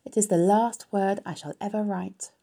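A woman reading a storybook aloud, voicing a wise and gentle female spider who speaks in a calm, measured way. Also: mid-range voice, vocal fry, pitched above the performer's own voice. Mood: explaining.

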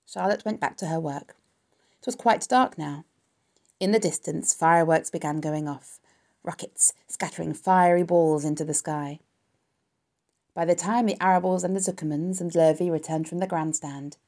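Warm-voiced woman reading a story. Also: low-pitched.

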